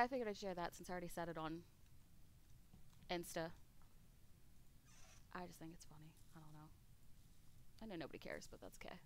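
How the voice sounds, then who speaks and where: A woman's voice: on the low side, slight background noise. A woman streamer chatting casually while gaming, rambling and candid, laughing often and swearing offhandedly.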